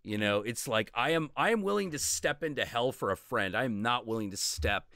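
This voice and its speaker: Casting: male stream host, lively up-and-down delivery, profane and rambling, dry close mic. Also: medium pitch, fairly quick, vocal fry, dry recording. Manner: profane, rambling storytelling with mock-quoted voices. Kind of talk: casual chat.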